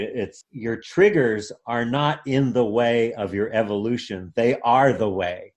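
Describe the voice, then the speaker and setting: Appreciative male podcast interviewer. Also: medium pitch. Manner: appreciative, affirming. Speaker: interviewer host.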